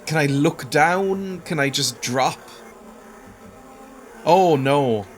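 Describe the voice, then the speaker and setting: A man's voice: fairly high pitch, drawn-out words, faint music behind. A man commentating his playthrough of a game with dry, sardonic remarks and frequent chuckles. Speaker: let's play host.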